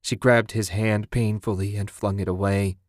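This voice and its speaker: Low-voiced man narrating a grim story. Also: fairly even intonation, no room sound, clean studio sound. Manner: grave, measured reading. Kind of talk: scripted dark story narration.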